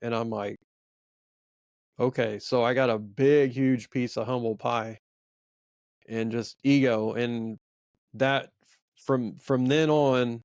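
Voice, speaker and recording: A man's voice: medium pitch, a little mellow, no echo, clean studio sound. A man in his forties co-hosting a faith podcast, telling a personal story in a rambling, earnest, self-reflective way. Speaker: podcast co-host. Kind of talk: casual storytelling chat.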